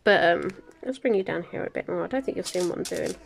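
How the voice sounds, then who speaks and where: A woman's voice: lowish voice, expressive, fast talker, creaky, slight background noise. A woman hosting a crafting video, chatting casually and muttering numbers to herself as she sorts supplies. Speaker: crafting channel host. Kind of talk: casual chat while kitting up a diamond painting.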